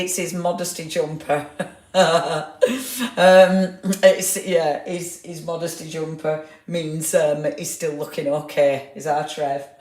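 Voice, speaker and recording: A deep, darkish female voice belongs to a craft livestream host keeping things casual. She laughs frequently, reads viewer comments aloud, and says hello to people by name. Her clip-on mic records with a roomy echo.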